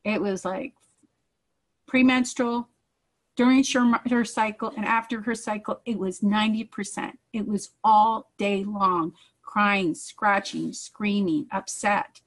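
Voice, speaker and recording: A woman's voice: mid-range voice, fairly even intonation, slow, low-quality recording. A woman, a mother, giving an earnest personal testimonial in a conversational storytelling way. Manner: earnest, acts out quoted dialogue.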